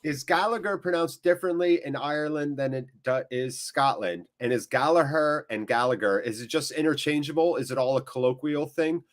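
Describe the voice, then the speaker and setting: An American man hosting a live football watchalong. He jokes and chats with viewers between quick play-by-play. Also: fairly high pitch. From United States. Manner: jokey, animated, quick play-by-play. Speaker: watchalong host.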